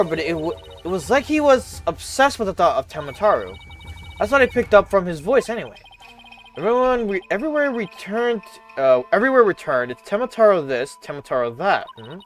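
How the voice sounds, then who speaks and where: A streamer reading a courtroom game's dialogue aloud, voicing the characters and often stumbling over words. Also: mid-range voice. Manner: voices the characters with frequent stumbles and restarts. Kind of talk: casual game read-through.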